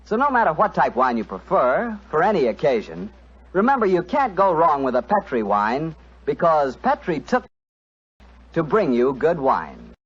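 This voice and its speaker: A man as radio announcer giving a chummy, breezy sponsor pitch in a 1940s show. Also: huge pitch swings, normal speed, breathy edge. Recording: dull lo-fi old radio recording.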